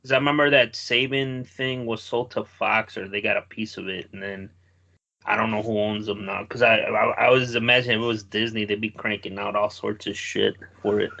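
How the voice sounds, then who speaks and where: Man, forceful bright voice, casual swearing co-host, dull lo-fi sound. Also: on the low side, fairly even intonation, brisk, gravelly. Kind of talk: casual chat. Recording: dull lo-fi recording.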